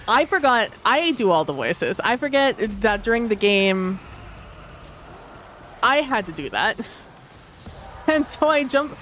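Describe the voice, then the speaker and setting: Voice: mid-range voice, a bit bright, slight background noise. A tabletop role-play player reflecting casually on a livestream, rambling with many fillers and frequent laughter.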